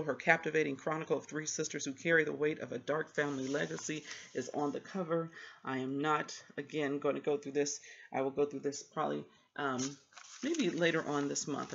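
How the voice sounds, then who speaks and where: Husky, gravelly-voiced book vlogger chatting. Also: mid-range voice, a bit bright, highs cut off. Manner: chatty, rambling storyteller who acts out what people said. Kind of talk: casual book vlog chat.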